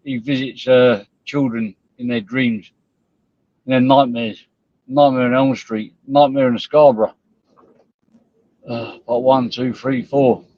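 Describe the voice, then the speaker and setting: A man's voice: mid-range voice, steady tone, takes it slowly, pauses often, a little mellow, dry recording. A man hosting a live stream, ranting bluntly and scornfully at viewers and rivals, with frequent swearing. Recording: dull lo-fi stream audio.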